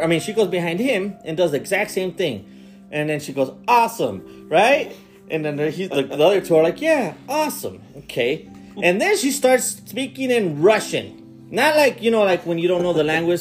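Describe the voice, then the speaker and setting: A man on a casual podcast recaps a bizarre film with disbelief. His voice swings widely up and down and sits a little high. A faint guitar plays behind him. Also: fairly quick. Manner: animated, incredulous storytelling with swearing. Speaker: podcast co-host. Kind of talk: casual movie recap chat.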